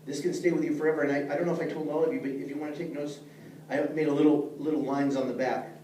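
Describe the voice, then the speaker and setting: Middle-aged guy teaching a class, higher mellow voice, earnest and direct, echoey room, mic kinda far, faint noise. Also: flat delivery, racing. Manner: earnest, plain-spoken, addresses listeners directly. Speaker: leadership teacher. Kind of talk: speaking to a class.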